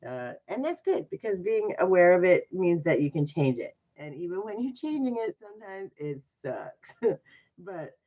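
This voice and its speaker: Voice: mid-range voice, big pitch swings, normal speed, narrow, tinny audio. A spiritual card reader in a casual livestream reading. The speaker is chatty and upbeat and makes sarcastic, self-mocking asides.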